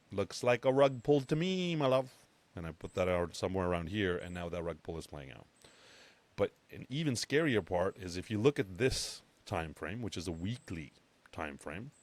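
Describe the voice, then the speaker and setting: A man hosting a casual chart analysis talk in a brash, joking, conversational way. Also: deep voice. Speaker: crypto channel host.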